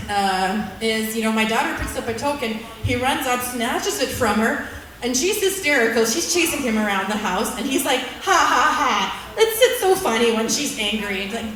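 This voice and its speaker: A slightly high-voiced woman in her thirties tells stand-up stories at an open mic, rambling and self-mocking, leaning on fillers. When she acts out her own frustration she bursts into loud outbursts. She sounds distant from the mic, and the room rings with heavy echo. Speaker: stand-up comic. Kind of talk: stand-up storytelling. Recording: echoey room, mic heard from far off.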